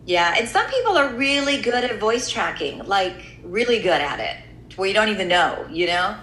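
A woman's voice: mid-range voice, sing-song, normal speed, fairly bright tone, roomy sound, slight background noise, low-quality recording. A middle-aged woman with an American accent, a radio host chatting candidly and casually, dropping in "you know" often. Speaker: radio host and voiceover artist. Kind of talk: casual chat.

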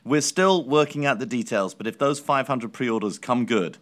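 A man co-hosting a football podcast, talking in a measured way with dry, teasing humor. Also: medium pitch, a bit bright. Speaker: podcast co-host. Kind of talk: casual football chat.

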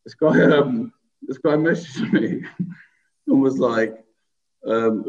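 A man's voice: medium pitch, slow, a little mellow. A man, rambling through a story on a casual podcast and laughing at his own jokes. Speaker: podcast co-host. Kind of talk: casual chat. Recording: dull lo-fi podcast recording.

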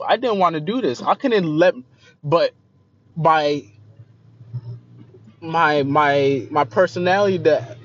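A young man telling a personal story in a confessional way, repeating himself and often trailing off softly, on a dull lo-fi recording. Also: on the high side. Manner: emotional, repeats phrases, voice trails off quieter. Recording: slightly dull lo-fi recording with faint noise.

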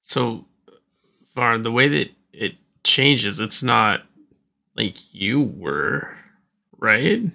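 A man's voice: mid-range voice, expressive, drawn-out words, gravelly, pauses often, sharp tone. A man playing a tabletop game, asking thoughtful questions and describing his character. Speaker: player.

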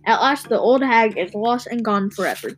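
A man's voice: high voice, animated, normal speed, faint music behind, poor audio. A young reader voicing a nasty, scheming old man who speaks with smug, mock sweetness in a storybook reading. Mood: gloating.

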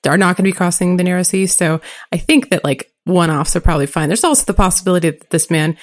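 A woman's voice: lowish voice, fast talker. A woman co-hosting a podcast, chatty and casual, peppering her talk with fillers. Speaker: podcast co-host. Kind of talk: casual book-discussion chat.

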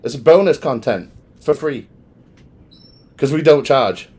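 Joking British man, lively voice. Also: mid-range voice, takes it slowly. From Britain. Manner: joking, laughs often. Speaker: podcast host. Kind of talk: casual podcast banter.

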